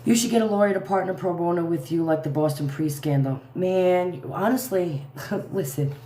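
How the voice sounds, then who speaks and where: A woman's voice: on the low side, normal speed, warm tone. A woman giving a heated, profane commentary rant on a livestream, repeating herself as she vents. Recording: echoey room.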